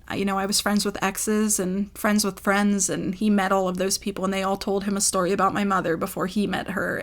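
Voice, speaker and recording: A woman telling a personal story in a vlog, in a rambling, emotional way with lots of fillers. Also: medium pitch. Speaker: ASMR creator.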